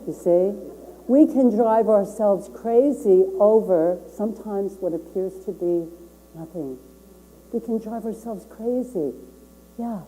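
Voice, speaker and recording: A woman's voice: fairly low pitch, dark tone, low-quality recording. An older woman minister giving a sermon, earnest and repeating key phrases for emphasis.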